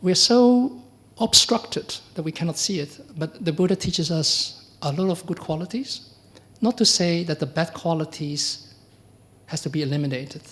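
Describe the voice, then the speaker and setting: Chatty monk with a higher voice. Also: male voice, normal speed. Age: middle-aged or older. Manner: conversational, asks the audience rhetorical questions; acts out quoted exchanges with lively pitch jumps. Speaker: Buddhist monk teacher. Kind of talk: dharma talk.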